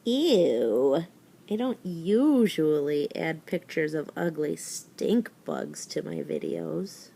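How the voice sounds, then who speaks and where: A woman's voice: low voice, takes it slowly, vocal fry, few pauses, mellow. A woman teacher giving a recorded spelling lesson to young children, talking them through words and spelling them out letter by letter. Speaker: elementary school teacher.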